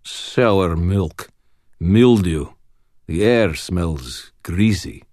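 A sober knight speaks in short, clipped answers with a deep voice, as a male audiobook narrator puts him on. The sound is close and dry, with no room around it. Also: expressive, drawn-out words, a little mellow, dry recording, full character voice. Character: stoic Russian male knight, sober and blunt.

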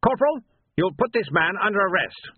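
A man doing a haughty army captain, high and clipped. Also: very animated, brisk, husky, no room sound, exaggerated voice. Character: pompous cold male army captain, stiff. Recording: dry phone-like lo-fi sound.

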